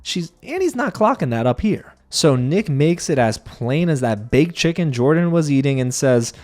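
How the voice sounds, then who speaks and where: A man's voice: on the high side, very animated, moderate pace, darkish tone. A man giving a casual, sarcastic recap of a reality show, talking straight to his viewers with lots of animation.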